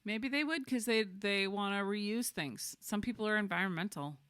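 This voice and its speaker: A woman's voice: mid-range voice, normal speed, fairly bright tone, smooth, no room sound, studio quality. A woman co-hosting a podcast, bickering in casual chat, defensive and exasperated. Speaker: podcast co-host.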